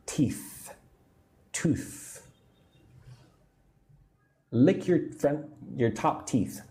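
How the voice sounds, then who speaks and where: An American man in his forties teaching English on a livestream, slowly repeating phrases and drilling pronunciation. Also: on the low side, warm tone. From United States. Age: 40s. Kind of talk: livestream English lesson, reading viewer comments.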